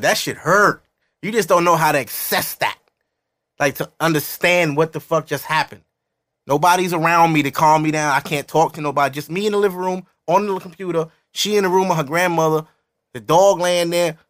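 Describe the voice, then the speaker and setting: A man's voice: a little high, no room sound, studio quality. A man in his thirties, a podcast host, telling a story in casual, profane chat. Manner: animated, profane, laughs through his story.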